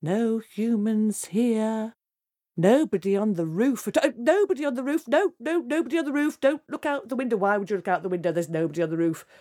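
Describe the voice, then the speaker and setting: A woman voicing a young, bossy and quick-witted princess in a told fairy tale, talking high and urgent. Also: dark tone, close to an everyday voice. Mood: flustered. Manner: high, urgent, flustered fibbing.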